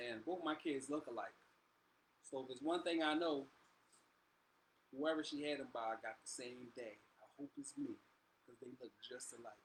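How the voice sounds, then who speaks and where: A man's voice: a little high, sharp tone, a little hiss or hum. A man co-hosting a casual live chat, talking in an emphatic, slangy, argumentative way. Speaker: co-host of a live show.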